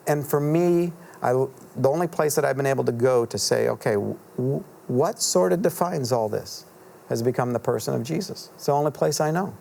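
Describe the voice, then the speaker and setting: A middle-aged man, an author guest in a TV studio interview, telling a story in an earnest, halting way with many fillers and restarts. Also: medium pitch, vocal fry, darkish tone, slight background noise.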